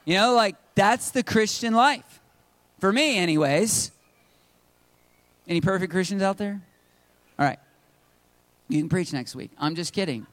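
A man's voice: high-pitched, lively intonation, a little slow, pauses often, fairly bright tone, no room sound. A man preaching a sermon to his congregation in a conversational, joking way. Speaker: pastor. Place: church service.

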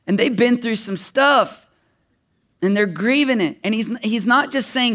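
A man preaching a sermon as a pastor, swinging from shouted emphasis to hushed, intimate passages. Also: very high-pitched, unhurried.

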